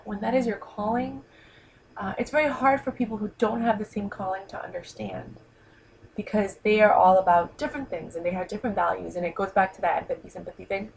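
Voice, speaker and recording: A woman vlogger in New York gives an emotional personal monologue, heartfelt and rambling with many ums and you-knows, close to tears. Her medium-pitched voice is fairly even and a little fast, with vocal fry and slight mellowness. The rough recording carries a little hiss or hum.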